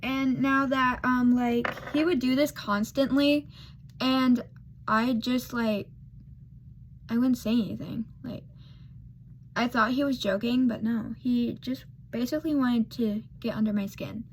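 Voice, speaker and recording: Slow-talking woman vlogger rambling through a story. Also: on the high side, steady tone, a little hiss or hum. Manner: rambling, loses her thread, many fillers. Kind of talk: casual storytime while doing makeup.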